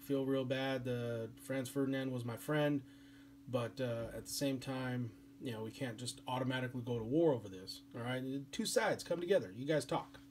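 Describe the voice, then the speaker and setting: A teacher voicing a fretful German emperor. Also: male voice, medium pitch, moderate pace, darkish tone, slight background noise, lightly acted. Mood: worried. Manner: casual, folksy paraphrase. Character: fretful male German emperor urging talks.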